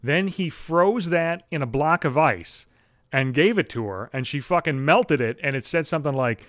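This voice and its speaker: A man's voice: on the high side, animated, moderate pace, a bit bright, no echo, studio quality. A young man ranting crudely and with exasperation on his podcast, swearing constantly. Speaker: podcast host. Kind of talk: profane comedic rant.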